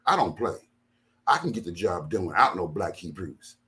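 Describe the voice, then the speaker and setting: Deep-ish voiced guy preaching at his people, keeps repeating lines, goes quiet then loud. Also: big pitch swings, normal speed. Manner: emphatic, repeats phrases, swings from low and quiet to loud bursts. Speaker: minister. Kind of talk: impassioned talk to followers.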